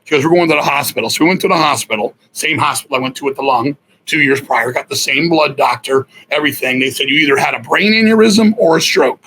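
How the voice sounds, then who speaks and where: A middle-aged man, a guest musician, telling stories in a blunt, profane, animated way. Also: fairly high pitch, fast talker, few pauses, slight background noise, rough recording. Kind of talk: casual storytelling interview.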